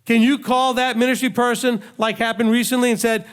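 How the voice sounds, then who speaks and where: A man's voice: extremely high pitch, little pitch movement, fairly quick, fairly bright tone, clear, resonant tone. A man who leads a congregation, preaching a conversational sermon full of rhetorical questions and emphatic repetition. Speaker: rabbi, congregation leader. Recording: long hall reverb.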